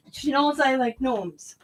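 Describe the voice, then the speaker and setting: A woman's voice: high voice, a little hiss or hum. A middle-aged woman hosting a crafting channel, chatting casually, laughing often and breaking off to restart her sentences.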